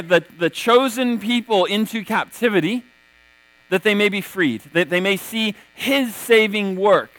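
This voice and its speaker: High-voiced man preaching conversationally. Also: no room sound, low-quality recording. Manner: conversational, tags many points with "right?"; lively retelling of scripture stories. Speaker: pastor. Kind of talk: sermon.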